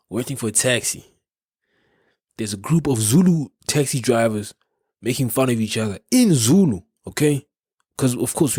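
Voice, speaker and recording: A young South African podcast host tells a rambling story, restarting often and laughing frequently. His medium-pitched voice is darkish with a breathy edge, recorded at studio quality with no room sound.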